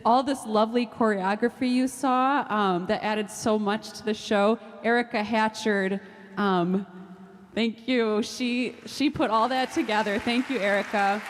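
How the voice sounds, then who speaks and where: A woman's voice: on the high side, steady tone. Woman thanking helpers in an echoey hall. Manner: warm, halting, many fillers. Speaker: choir co-director. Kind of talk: thank-you speech at a church event. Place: church hall with audience. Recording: echoey hall from a distance, faint crowd and noise.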